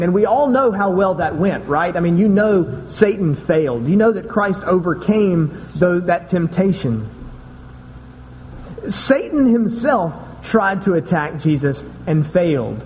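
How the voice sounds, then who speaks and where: A man's voice: sits high, very animated, unhurried. Man, pastor, sermon, conversational, repeats words, long hall reverb, faint hum. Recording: tinny phone-like sound with long hall echo.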